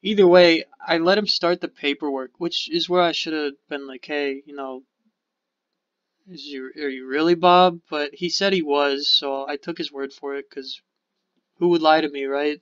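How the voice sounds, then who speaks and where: A man's voice: on the high side, steady tone, normal speed, a bit bright, clean tone, dry recording. Rambling, profane podcast guy. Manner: rambling, profane, acts out quotes. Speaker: podcast co-host. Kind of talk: casual storytelling chat. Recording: dull lo-fi podcast audio.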